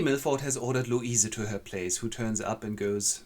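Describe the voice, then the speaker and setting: A man hosting a comic retelling of a play with toy figures, brisk and playful. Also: fairly low pitch, a little mellow. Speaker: host.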